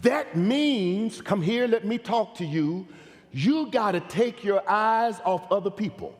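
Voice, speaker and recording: A man preaching a sermon as pastor, moving between quiet personal storytelling and shouted declarations. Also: sits high, animated, slow, big-room sound. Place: large church sanctuary.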